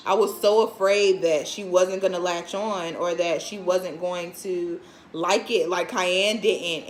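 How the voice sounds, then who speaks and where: A woman in her twenties casually telling viewers a story, frank and animated, often laughing and acting out what other people said. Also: fairly low pitch, slight background noise. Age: 20s. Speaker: vlogger and new mother.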